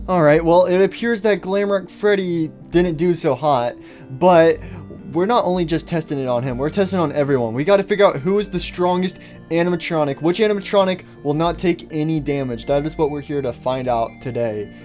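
A man's voice: a little high, brisk, a little mellow, soft background music. A man hosting a game video with goofy, stammering casual commentary. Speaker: gaming host.

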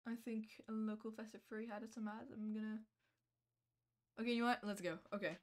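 A woman live-streaming a video game, chatting casually with her viewers in a playful, giggly, self-mocking way and reacting loudly to the screen. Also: mid-range voice, flat delivery, a little fast. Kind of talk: casual live-stream chat while gaming.

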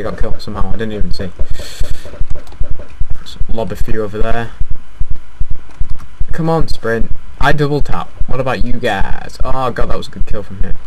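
A young man giving casual, self-deprecating commentary while playing a video game. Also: lowish voice. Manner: chatty, self-deprecating, easily frustrated. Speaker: gaming YouTuber. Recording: noisy home mic recording.

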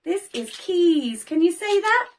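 A young woman teaching toddlers, talking in a slow, sing-song way with big gasps and cheerful praise. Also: very high-pitched, big pitch swings, slight background noise. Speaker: children's teacher. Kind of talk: toddler learning video.

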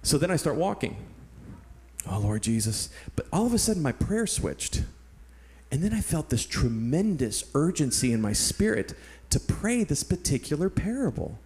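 A man from San Antonio preaching a sermon, speaking in a somewhat high voice. He tells a personal story in an earnest, animated way. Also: normal speed. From San Antonio, Texas. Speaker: pastor.

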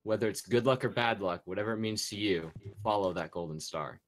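A young man hosting an online game show, telling a pirate backstory in a slow, hushed way over voice chat. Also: fairly low pitch. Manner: slow, hushed storytelling with trailing ends. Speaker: host of a game show on a server. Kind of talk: storytelling game-show intro. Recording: voice chat with faint noise.

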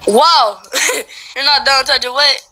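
A woman's voice: sits high, slow pace, sharp tone, low-quality recording. A woman casually chatting with friends while playing a social VR game on her phone, bossy and playful, laughing and swearing freely. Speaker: VRChat player and channel host. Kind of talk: casual gaming chat with friends. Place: indoors, playing on a mobile phone.

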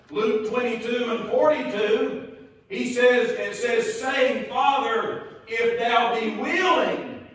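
A Southern US preacher with a strikingly high voice delivers a sermon at a very unhurried pace, leaning on repeated phrases. He sounds distant from the mic, his words ringing through a cavernous church. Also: fairly bright tone. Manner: slow, emphatic, repeats key phrases. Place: church sanctuary. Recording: echoey church from far off.

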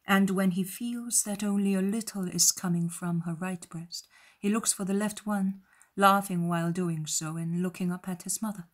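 A woman narrating an audiobook in a soft, breathy, near-whispered reading. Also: medium pitch, steady tone, moderate pace. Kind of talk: scripted narration.

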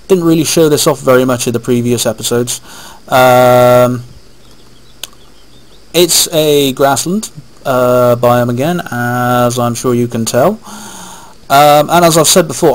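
A man's voice: mid-range voice, poor audio. A man giving rambling, casual commentary over his gameplay, talking to himself, recorded on a webcam microphone. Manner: rambling, chatty, talks to himself while playing. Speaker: let's play host.

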